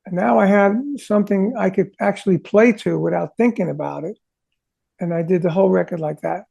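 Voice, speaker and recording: A man with a high, deeply gravelly voice recounts studio stories to an interviewer. His tone is dark and mellow, and he tells things in an animated way, acting out what people said to him. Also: a little fast. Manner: animated, sings drum parts vocally; acts out quoted conversations. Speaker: rock drummer, interview guest. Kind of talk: casual storytelling interview.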